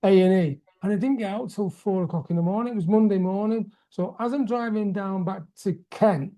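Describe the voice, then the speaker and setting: A man hosts a casual chat and tells stories in a halting way, full of restarts. His voice is dark and mellow. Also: high-pitched. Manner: hesitant, with many restarts. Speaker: host.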